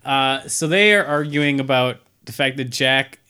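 A man's voice: mid-range voice, measured pace, sharp tone, clear, resonant tone. A man hosting a podcast, casually recapping a cartoon episode, laughing often and asking the others questions. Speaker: podcast host. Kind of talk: casual chat.

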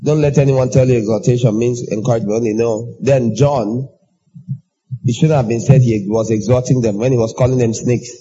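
A man preaching a sermon in an animated way, acting out everyday exchanges in raised voices. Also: fairly quick, breathy edge, muffled recording. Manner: animated, acts out dialogue in high voices.

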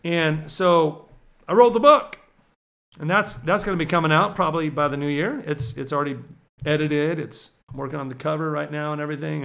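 Guy preaching all fired up, high voice with some fry, goes quiet then yells. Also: fairly quick. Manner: excitable, swings from low murmurs to shouts. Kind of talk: energetic preaching monologue.

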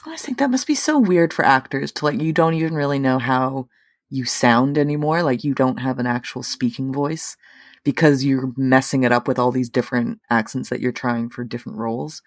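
A woman's voice: extremely low pitch, fairly quick, no echo, clean studio sound. A woman taking part in a casual podcast discussion, eagerly jumping in over the others. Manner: enthusiastic, jumps in over others.

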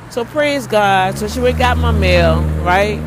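A woman, a ministry leader, telling a frustrating story in an animated vlog, breaking into prayers and repeating herself. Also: mid-range voice, heavy background noise.

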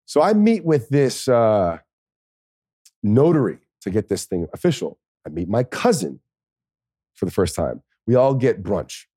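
Deep dark-voiced guy rambling thru a story, swears a lot, laughs, dry close sound. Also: big pitch swings, a little slow, slightly rough, no room sound. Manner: rambling, profane, laughs often. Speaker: podcast guest, former pro football player. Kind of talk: casual storytelling.

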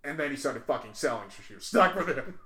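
A man's voice: mid-range voice, lively intonation, quick pace, sharp tone. A man co-hosting a podcast in casual chat, rambling and cursing, often restarting words. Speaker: podcast co-host. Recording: echoey room.

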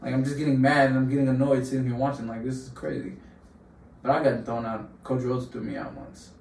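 A man's voice: mid-range voice, flat delivery, a little fast, creaky, a little mellow. A young man in casual podcast chat, telling long fired-up stories full of slang. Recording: roomy room, distant mic, faint hum.

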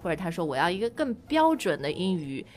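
A woman's voice: on the low side, very animated, fast talker, a little mellow, soft background music. A woman from China hosting a casual chat, switching between Mandarin and English, with a Chinese accent. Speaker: podcast host.

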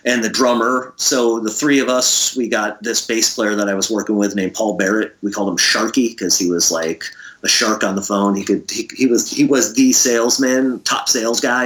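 A middle-aged man from Connecticut, speaking at an ordinary middle pitch. He is a musician guest spinning loose, rambling stories. He laughs often and swears casually along the way. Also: a bit bright. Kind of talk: casual storytelling interview.

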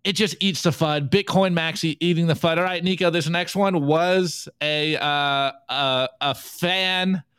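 A man's voice: a little high, fairly even intonation, unhurried, hardly any pauses, fairly bright tone, smooth, no echo. A man co-hosting a live podcast, running a casual meme review and joking as he reads the memes aloud. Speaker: podcast co-host.

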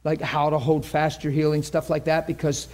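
A man teaching a class on faith healing in a lively, conversational way, often acting out what people say and pray. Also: fairly high pitch, normal speed. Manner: animated, acts out quoted prayers and voices. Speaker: ministry teacher.

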